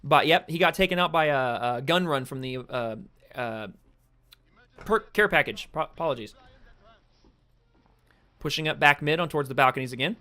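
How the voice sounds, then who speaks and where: An eager young American man calls game action from a chair at his home streaming setup, delivering solo esports-style play-by-play. His voice is fairly high, at normal speed with long pauses, and he's excitable, chatting with stream viewers between calls.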